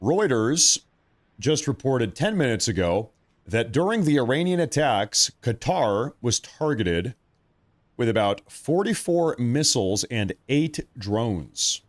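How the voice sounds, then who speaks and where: A man comments live on breaking news for a stream audience. His delivery is loose and conversational, with frequent repetition for emphasis. His pitch sits mid-range for a man but moves in a very animated way. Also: takes it slowly.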